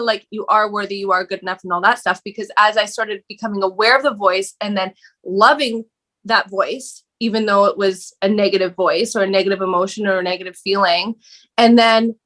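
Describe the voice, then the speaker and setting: Bright, animated woman sharing her story. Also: mid-range voice. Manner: animated, swears casually, laughs often. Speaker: podcast guest. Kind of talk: candid conversational storytelling.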